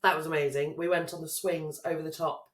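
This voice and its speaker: A woman's voice: sits low, flat delivery, brisk. A young woman co-hosting a podcast, telling travel stories and teasing her friend. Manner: teasing storyteller, sweary. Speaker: podcast co-host. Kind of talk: casual chat. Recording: echoey room.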